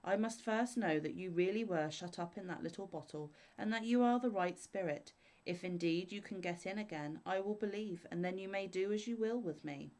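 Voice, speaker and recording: A woman voicing a cheerful, clever young scholar who speaks calmly and fearlessly. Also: mid-range voice, normal speed, lightly acted. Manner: calm, fearless, reassuring.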